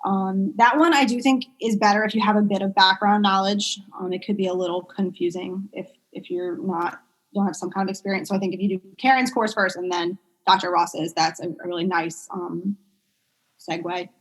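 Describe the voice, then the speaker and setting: A woman working as a pediatric speech therapist, chatting casually in an interview and telling stories with lots of fillers and animated quoted voices. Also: medium pitch, normal speed. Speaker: pediatric speech-language pathologist guest.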